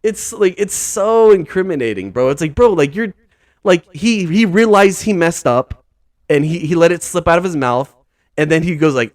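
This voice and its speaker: His voice is on the high side and animated, moving at a normal speed without echo. Hosting a casual podcast, he rambles in an incredulous, exasperated way, leaning heavily on "like", "dude" and "bro".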